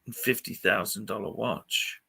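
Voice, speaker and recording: A man hosts a laid-back livestream, cursing freely and firing up with enthusiasm. His voice is strikingly bright and cutting. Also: on the low side, a little slow, gravelly, slightly rough. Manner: swears constantly, excitable. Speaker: livestream host. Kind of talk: casual livestream chat.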